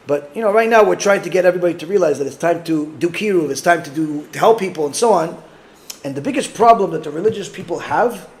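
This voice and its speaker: A man teaching as a rabbi, telling a story with animated quoted voices and using Hebrew religious terms in English. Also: high voice. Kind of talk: Torah class.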